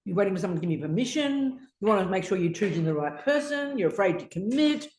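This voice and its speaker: A woman's voice: mid-range voice, very animated, fast talker, darkish tone, slight background noise. An older woman Buddhist teacher, questioning a student in a brusque, confrontational way and swearing freely. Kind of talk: blunt teaching exchange with a student. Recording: echoey teaching room.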